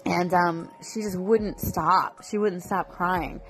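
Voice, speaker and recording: A woman in her thirties shares a heartfelt family memory with her viewers. Her voice sits a bit low, and her telling is emotional and rambling, full of fillers and restarts. Soft music plays faintly behind her. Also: fairly even intonation, slow pace. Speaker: mother vlogger. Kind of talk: personal storytelling to viewers.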